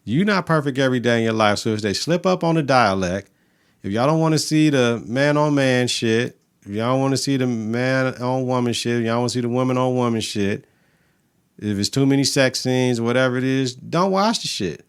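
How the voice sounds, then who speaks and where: A man's voice: mid-range voice, fairly quick, smooth. A man co-hosting a casual podcast, talking loose and profane with a hyped, rambling delivery. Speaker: podcast co-host.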